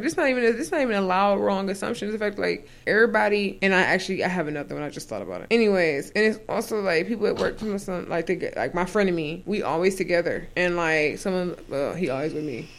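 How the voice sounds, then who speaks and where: A woman with a gravelly, fry-laden voice, ranting about her annoyances on a casual podcast. She is blunt and profane. Her voice often jumps up loud and high when she vents. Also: animated, quick pace, hardly any pauses. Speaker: podcast co-host.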